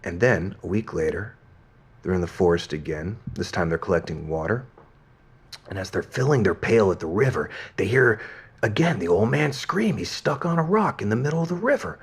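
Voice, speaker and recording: A man in a game role reading a fairy tale aloud as a gentle bedtime story. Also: lowish voice, animated, normal speed, husky, full character voice. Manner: gentle storytelling, softening at the end.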